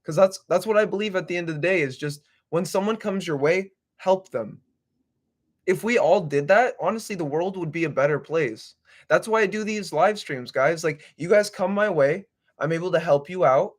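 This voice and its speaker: A man's voice: high voice, normal speed. A young man hosting a livestream, rambling casually with swearing and slang. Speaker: livestream host.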